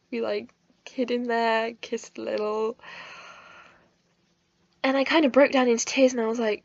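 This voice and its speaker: A woman's voice: a little high, flat delivery, moderate pace, gravelly, pauses often, dry recording. A young woman telling a personal storytime vlog in a chatty, emotional, giggly way, in a slightly muffled recording. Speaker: vlogger.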